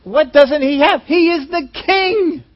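A man preaching a sermon in an animated way, acting out voices in his stories, on a dull lo-fi recording. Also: very high voice, slow pace. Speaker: pastor.

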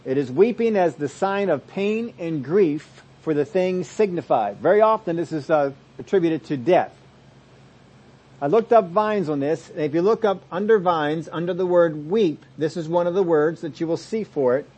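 A man preaching a sermon, explaining scripture and moving between loud emphasis and soft asides. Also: on the high side, expressive, normal speed, breathy edge. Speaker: pastor.

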